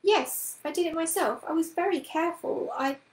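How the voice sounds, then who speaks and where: An eager, polite little girl, as a woman puts her on, earnest and hurried. Her voice rides high and bright, with a roomy echo around it. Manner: earnest and quick, apologetic. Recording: roomy echoing room.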